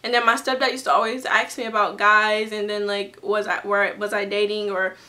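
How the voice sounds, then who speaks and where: A woman's voice: medium pitch, flat delivery, fairly quick, pushed and bright. A young woman telling a personal story to her camera in a casual, chatty way, full of fillers and restarts. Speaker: vlogger.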